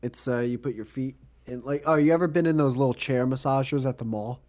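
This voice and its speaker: A man's voice: mid-range voice, a little fast, darkish tone. A man co-hosting a casual podcast over a remote call, teasing his partner, swearing freely and laughing often. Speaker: podcast co-host.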